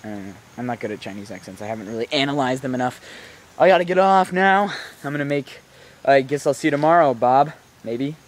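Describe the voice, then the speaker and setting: A tired young man rambling casually in a vlog while he walks his dog outdoors, joking at his own expense and jumping between tangents. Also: mid-range voice. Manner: rambling, self-mocking, talks in quick tangents. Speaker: vlogger. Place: outdoors, walking a dog in rainy weather.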